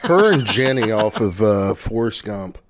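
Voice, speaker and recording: Guy guest on a podcast, slow drawl, pitch bouncing all over, crude jokey banter. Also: big pitch swings, crowd noise. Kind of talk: casual chat.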